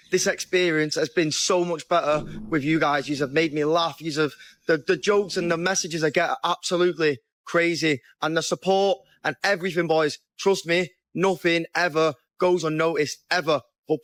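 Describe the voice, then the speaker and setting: A man's voice: on the high side, fairly even intonation, normal speed, a bit bright, no echo. A man giving an emotional farewell vlog, emphatic and repeatedly addressing viewers as boys. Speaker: vlogger.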